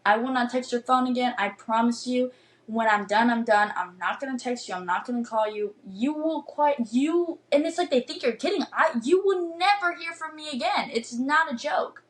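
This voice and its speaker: Young woman ranting bluntly, slightly high. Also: normal speed, low-quality recording. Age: 20s. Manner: blunt, swears a lot, frequent "like" fillers; emphatic, animated rants. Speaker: podcast host. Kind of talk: casual storytelling monologue.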